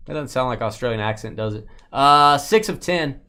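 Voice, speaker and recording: A man's voice: mid-range voice, very animated, fairly quick, few pauses, bright, forceful tone. A man hosting a live card-breaking stream, chatting casually and joking with viewers as he opens packs.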